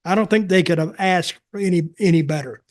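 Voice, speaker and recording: Older man, podcast host, rambling folksy delivery, slightly higher voice. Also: brisk. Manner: rambling, folksy, repeats himself. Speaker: podcast host, wrestling veteran. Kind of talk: casual storytelling chat.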